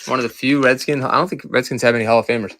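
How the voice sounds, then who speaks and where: Chatting with viewers during his casual live-stream auction of collectibles, a man from Maryland sorts through his inventory. He talks very fast in an average-pitched, steady, slightly bright voice, though his speech is loose and distracted, often halting while he looks for things.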